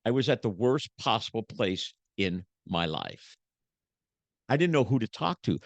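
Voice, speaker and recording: A man's voice: lowish voice, sing-song, unhurried, vocal fry, no room sound, muffled recording. Preacher-like man telling his story. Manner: preacher-like, swinging from hushed to emphatic. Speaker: podcast guest, motivational speaker. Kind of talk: emotional personal testimony.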